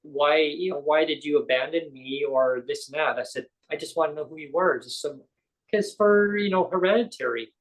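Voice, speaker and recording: A man telling a personal story on a talk show, animated and using lots of fillers. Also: a little high, a little fast, few pauses, rough recording. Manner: animated, acts out quoted voices; many fillers like "like". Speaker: guest. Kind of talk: casual storytelling.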